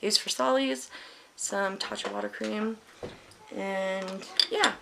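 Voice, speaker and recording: A woman's voice: mid-range voice, slow pace, gravelly, very noisy. A middle-aged woman chatting bluntly and candidly through a makeup tutorial at home, swearing freely. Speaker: beauty vlogger. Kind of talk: casual makeup tutorial chat.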